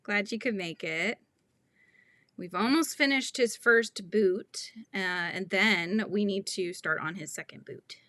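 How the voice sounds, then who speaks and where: A woman's voice: medium pitch, slow pace, fairly bright tone, no echo, clean studio sound. A woman in her thirties hosting a crochet tutorial stream, chatting casually and laughing often as she reads viewer comments. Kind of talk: casual livestream chat while crocheting.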